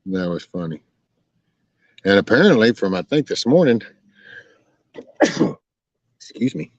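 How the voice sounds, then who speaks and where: Folksy man, low voice. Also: sing-song, measured pace, no echo. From Texas. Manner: folksy, rambling, reads and answers chat. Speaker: live stream host chatting with viewers. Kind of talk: casual live chat. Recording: dull lo-fi stream audio.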